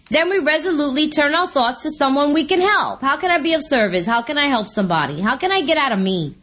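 A woman shares her own story at a recovery meeting, her high voice swooping up and down as she acts out what she said. She tells it like a lively storyteller, often laughing. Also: fast. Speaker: speaker sharing at a recovery meeting. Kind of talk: personal testimony with anecdotes.

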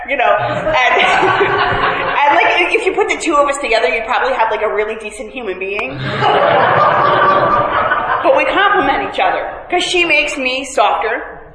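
Speaking to a meeting group in an echoey hall with faint background noise, a woman shares her recovery story candidly. Her voice sits high and animated at a normal speed, and she pokes fun at herself, full of fillers and restarts.

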